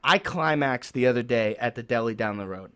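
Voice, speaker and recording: A man's voice: mid-range voice, brisk, clean tone. A man co-hosting a casual podcast chat, telling a story with lots of swearing and acting out what others said, with a New York accent. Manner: animated storyteller, swears often, acts out other people's lines. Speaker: podcast co-host.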